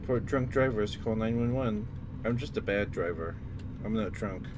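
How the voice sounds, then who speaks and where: A man's voice: fairly low pitch, normal speed, noisy background. A young man streaming a driving game, chatting in a rambling, apologetic, self-deprecating way. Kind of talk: casual chat while playing a driving game.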